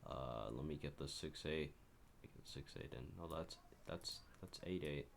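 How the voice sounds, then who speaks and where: A man's voice: extremely low pitch, measured pace, vocal fry, a little hiss or hum. A man casually talks through his own composition as he works on it, rambling and correcting himself as he goes. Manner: rambling, self-correcting, talks while working. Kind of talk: casual screen-share commentary.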